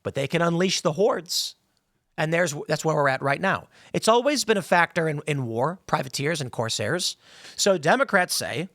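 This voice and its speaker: A man's voice: fairly high pitch, lively intonation, a little fast, a bit bright, dry recording, studio quality. A man hosting a political commentary show, talking in an emphatic, heated way and slipping into mocking voices when he quotes people. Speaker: podcast host.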